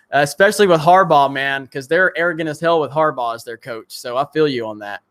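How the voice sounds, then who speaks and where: A man's voice: a little high, brisk, a bit bright. A man from Alabama hosting a live stream, chatty and enthusiastic as he reads out viewer chats. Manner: chatty and enthusiastic, many fillers. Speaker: livestream host reading viewer chats. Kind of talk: casual live-stream chat.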